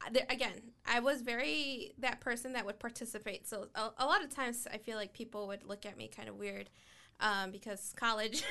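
A woman's voice: on the high side, gravelly, pushed and bright, clean tone. A woman in a casual chat who giggles often and uses many fillers. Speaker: guest.

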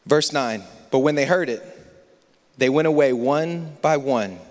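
A man preaching a sermon as pastor, moving between hushed, near-whispered passages and loud, impassioned stretches. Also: mid-range voice, measured pace. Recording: long reverb of a large hall.

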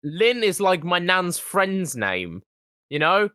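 A man, co-hosting a casual comedic chat, joking around and breaking into loud silly voices. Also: high-pitched, very animated, takes it slowly, slight background noise.

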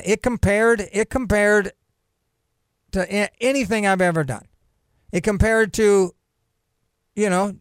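A man's voice: high-pitched, clean tone, no echo, studio quality. A man hosting a podcast on his own, joking and rambling as he reads news items aloud and wanders off into asides. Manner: rambling, joking, self-interrupting. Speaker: podcast host. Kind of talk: casual solo commentary, reading news aloud.

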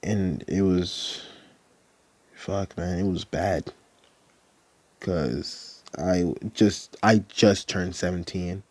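A man's voice: low voice, very slow, pauses often, no echo. A young man hosting a podcast, telling a personal story in a rambling, casual way, full of "like" and swearing. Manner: rambling, heavy use of "like", profane. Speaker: podcast host.

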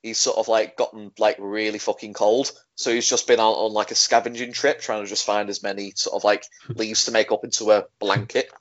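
A man co-hosting a casual podcast, rambling with many fillers and lively quoting of scenes. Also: lowish voice, brisk, few pauses. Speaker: podcast co-host. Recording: dull lo-fi sound.

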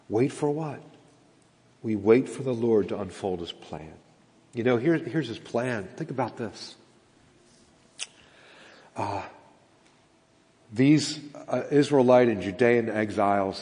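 A man's voice: medium pitch, mellow. A man preaching a sermon as pastor, talking earnestly, asking rhetorical questions and repeating his words. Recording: long reverb of a large hall.

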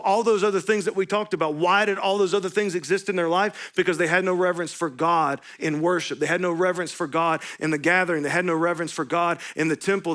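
Pastor, male, fairly high voice, earnest sermon delivery with repeated rhetorical questions. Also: a bit bright. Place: church sanctuary.

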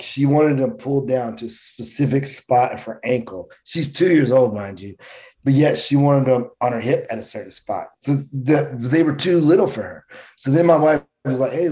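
Mellow-voiced man in casual chat. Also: medium pitch.

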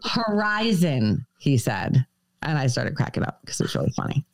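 Woman telling a story, lively pitch. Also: a little fast, vocal fry, no room sound. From United States. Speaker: podcast guest. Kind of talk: storytelling on a podcast.

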